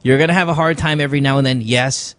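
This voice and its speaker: A man's voice: medium pitch, steady tone, fast talker, fairly bright tone. A man hosting a radio call-in show, talking loosely with laughter and profanity. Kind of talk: casual late-night call-in talk. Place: radio studio.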